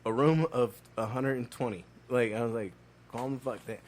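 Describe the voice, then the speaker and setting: A man co-hosting a podcast, telling animated, profane restaurant stories in casual chat. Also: medium pitch, moderate pace. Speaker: podcast co-host.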